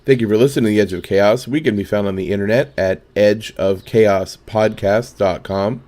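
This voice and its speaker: A man's voice: on the low side, darkish tone. Bantering male podcast co-host. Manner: joking banter, then rapid reading of show plugs. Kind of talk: casual political podcast chat.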